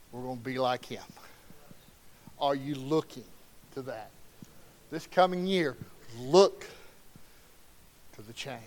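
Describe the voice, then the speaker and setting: A middle-aged man preaching a sermon in a folksy, conversational way that swings from quiet to loud. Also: fairly high pitch.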